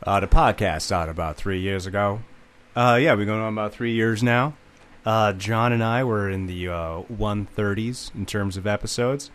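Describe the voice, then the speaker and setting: A man guesting on a comedy podcast, wry and self-deprecating, speaking haltingly with many fillers. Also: fairly low pitch, fairly bright tone, clear, resonant tone. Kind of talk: casual podcast chat.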